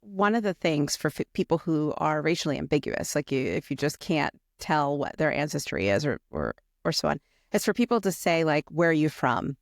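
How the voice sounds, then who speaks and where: A woman's voice: low voice, big pitch swings, fairly quick, gravelly, no room sound. Reflective woman co-host, dry sound. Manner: reflective, thinks aloud, asks questions. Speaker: podcast co-host. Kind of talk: conversational interview.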